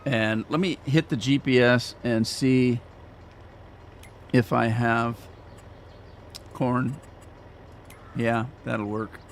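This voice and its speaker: Very slow and pausing often, this man speaks at medium pitch with fairly even intonation against slight background noise. As a gaming streamer, he offers casual commentary on a farming game during a live stream, wandering off-topic and ribbing himself.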